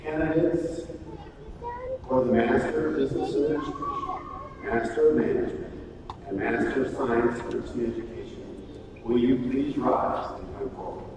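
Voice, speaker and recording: A man giving a formal commencement address as a university official, speaking in a measured way. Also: medium pitch, wildly swooping pitch. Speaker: university official presenting graduates. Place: large ceremony hall. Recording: echoey hall, distant mic, faint hiss.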